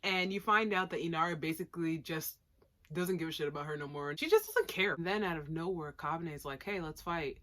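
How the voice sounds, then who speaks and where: A woman's voice: deep voice, lively intonation, brisk, fairly bright tone. A young woman casually reviewing an anime episode at home, slangy and sarcastic with giggly asides. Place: home room with plushies.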